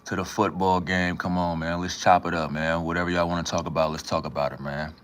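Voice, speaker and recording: Very deep-voiced laid-back man. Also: little pitch movement, brisk, fairly bright tone, a little hiss or hum. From Minnesota, USA. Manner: laid-back, slangy, greets chatters by name. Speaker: livestream host. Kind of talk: casual livestream chat with viewers.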